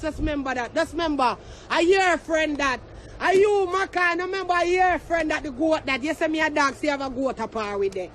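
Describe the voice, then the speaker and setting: Shrill Jamaican man ranting. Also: a little hiss or hum. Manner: shouting, cursing, taunting. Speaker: social media personality. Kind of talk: heated rant to camera.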